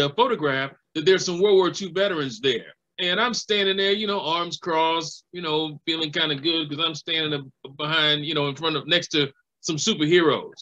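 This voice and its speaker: A man's voice: fairly high pitch, bright, forceful tone, highs cut off. A man, a living historian and educator, giving a recorded history lecture and telling stories, acting out the voices of people he quotes.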